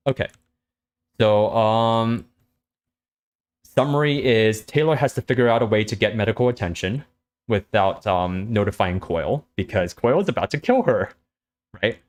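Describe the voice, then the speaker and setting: A man reading a story aloud and summarizing it in a relaxed way, with lots of fillers. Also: fairly low pitch, moderate pace, pauses often. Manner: relaxed, hesitant with many fillers. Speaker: host reading a web serial aloud.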